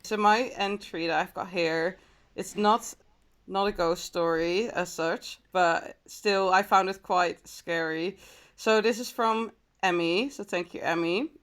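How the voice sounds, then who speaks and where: A woman's voice: fairly low pitch, measured pace, fairly bright tone. A woman co-hosting a podcast, chatting casually and reading out a listener's scary story, often laughing and restarting her sentences. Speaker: podcast co-host.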